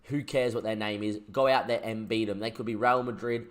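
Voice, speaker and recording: A man, commentating his own football management game as a let's play, shouting when goals go in. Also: on the low side, fairly even intonation, fairly quick. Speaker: gaming YouTuber.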